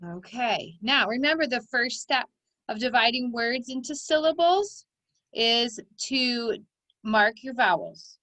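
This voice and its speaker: A woman's voice: on the high side, lively intonation, slow, sharp tone, dry recording, rough recording. A woman teaching a recorded phonics lesson to children, giving encouraging step-by-step instructions.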